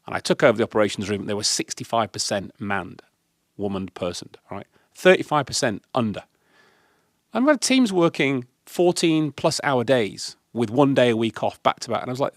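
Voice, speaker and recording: Low-voiced uk guy telling punchy leadership stories, dry close sound. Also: fairly quick, no room sound. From United Kingdom. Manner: emphatic, animated anecdotes with acted quotes. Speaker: guest speaker on leadership. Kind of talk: panel discussion, storytelling.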